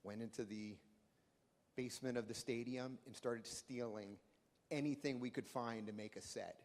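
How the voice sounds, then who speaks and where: A man from the audience telling an animated work story at a panel discussion. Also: medium pitch, moderate pace. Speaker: audience member sharing a story. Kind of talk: anecdote told at a panel. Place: conference hall. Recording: echoey conference hall.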